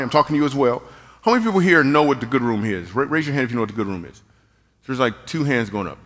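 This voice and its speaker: A man's voice: mid-range voice, a bit bright. A man giving a playful, jokey talk to a live church audience, teasing the band between stories. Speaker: church speaker and comedian. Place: large church auditorium. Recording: long hall reverb.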